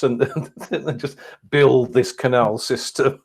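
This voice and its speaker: A man's voice: mid-range voice, fairly even intonation, takes it slowly, slightly rough. A British man co-hosting a podcast, chatting casually in a tired, rambling way, often restarting his sentences and laughing. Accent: British English. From Britain. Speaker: podcast co-host. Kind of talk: casual chat.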